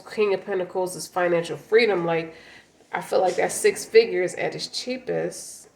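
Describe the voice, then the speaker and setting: A woman reads tarot cards in loose, blunt talk, swearing freely and slipping into the voice of the listener's partner. Her voice sits a little low. The room around her is echoey, with faint noise behind her. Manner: blunt, profane, speaks as the client's partner. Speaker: tarot reader. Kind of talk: casual tarot reading.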